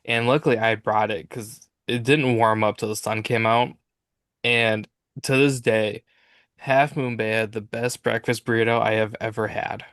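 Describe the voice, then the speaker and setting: Animated storytelling man from Minnesota. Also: on the low side, moderate pace, no echo. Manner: animated storyteller who acts out quoted friends. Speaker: podcast host. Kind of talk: casual chat.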